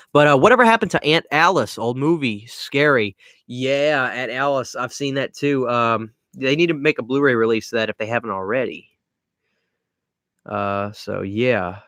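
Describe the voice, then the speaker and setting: A young man from Louisiana with a Cajun accent, hosting a relaxed live Q&A, rambling as he reads viewers' comments aloud. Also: medium pitch, no room sound, clean studio sound. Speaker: livestream host answering chat. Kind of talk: casual live Q&A chat.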